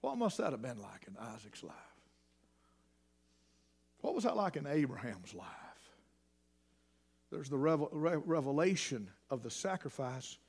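A man preaching a sermon, swinging between hushed near-whispers and shouted emphasis. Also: medium pitch, big pitch swings, unhurried, vocal fry, long pauses, slightly rough.

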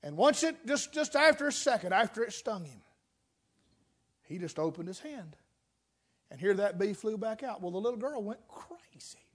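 High-pitched male preacher, dramatic storyteller, loud to hushed. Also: animated, normal speed, long pauses, breathy edge. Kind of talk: sermon.

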